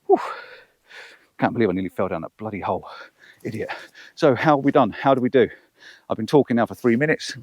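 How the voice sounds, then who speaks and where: A man's voice: medium pitch, expressive, fairly quick, pauses often, a little mellow, no room sound. A man testing a wireless lapel mic on an outdoor hillside, chatting and counting aloud and poking fun at himself. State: out of breath. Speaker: vlogger. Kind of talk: outdoor microphone range test vlog. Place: open hillside field with sheep, outdoors. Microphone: wireless lapel mic clipped on, far from camera.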